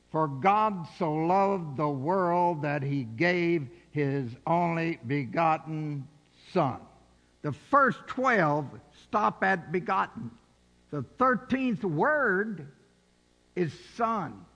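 A man's voice: high voice, fairly bright tone. A man preaching a sermon in a church, building to emphatic, rising exhortations. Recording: dull sound in a reverberant hall.

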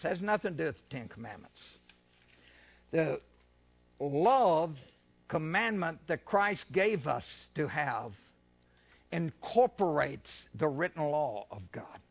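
A man's voice: fairly high pitch, expressive, vocal fry. A man preaching a sermon with fervour, questioning his listeners and drawing out and swelling his voice on scripture. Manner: fervent preaching, slows and swells louder when reading scripture; asks the congregation questions, repeats phrases.

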